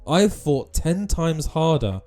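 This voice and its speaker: A man's voice: on the high side, big pitch swings, slow, mellow, soft background music, pitched above the performer's own voice. A man voicing a proud male wrestling champion who speaks in a defiant, intense way.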